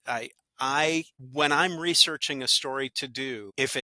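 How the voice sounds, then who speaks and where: This is a man speaking as an interview guest in an easygoing, upbeat way. His voice is very bright and forward. The sound is dry and close, with no room to it. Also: mid-range voice, measured pace, no room sound. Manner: upbeat storyteller, acts out little quoted voices. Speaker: podcast guest, actor and good-news podcaster. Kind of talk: casual interview talk.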